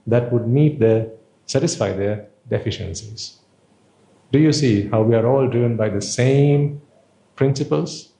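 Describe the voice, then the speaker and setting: A man's voice: mid-range voice, dark tone, echoey room. A man giving an informal Buddhist dharma talk, conversational and playful, full of rhetorical questions. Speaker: Buddhist teacher.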